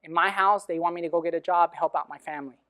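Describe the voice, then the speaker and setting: A man quietly voicing an earnest schoolboy who is becoming a young man. He talks softly and a little lower, asking for help in a plain, sincere way. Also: fairly even intonation, quick pace.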